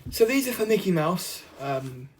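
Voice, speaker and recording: A man from the UK chatting casually through an unboxing vlog, rambling and easily excited. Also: sits high, moderate pace, breathy edge. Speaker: vlogger.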